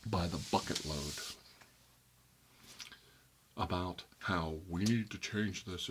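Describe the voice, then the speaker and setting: A man hosting an ASMR video, talking in a wry, conversational way that drifts between soft whispers and emphatic bursts. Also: deep voice, slow, long pauses, noisy background. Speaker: ASMR channel host. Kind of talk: soft-spoken ASMR rant about news media.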